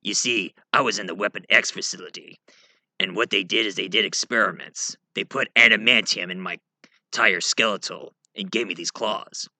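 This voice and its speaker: A gruff clawed mutant loner, as a man acts him out, talks tough and blunt. The tone is sharp and forceful, and the recording is dry and close. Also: on the low side, normal speed, no echo, full character voice. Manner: gruff, calls people "bub".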